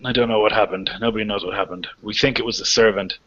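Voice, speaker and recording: A man voicing a gruff, coarse chieftain who is a grieving father, in a tabletop game. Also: lowish voice, fairly even intonation, fast, a crowd in the background, close to an everyday voice. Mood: weary. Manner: coarse, curses bluntly. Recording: lo-fi, dull recording.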